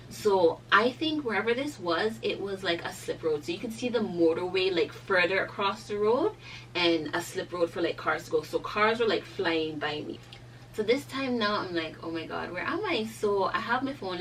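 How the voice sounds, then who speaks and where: A young woman telling a storytime in a chatty, animated way, full of "like" fillers. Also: lowish voice, far from the mic, slight background noise, poor audio. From Cayman Islands. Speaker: vlogger. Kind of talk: casual storytime.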